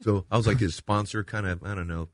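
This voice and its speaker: A man's voice: on the low side, fairly even intonation, quick pace, dry recording, studio quality. A male comedian guest chatting loosely and slipping into silly voices. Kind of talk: casual chat with impressions.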